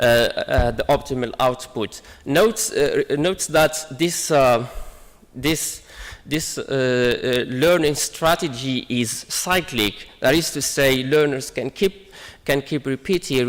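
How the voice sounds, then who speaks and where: A man's voice: mid-range voice, big-room sound. A man giving an academic conference presentation, hesitant with many fillers and restarts. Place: conference hall.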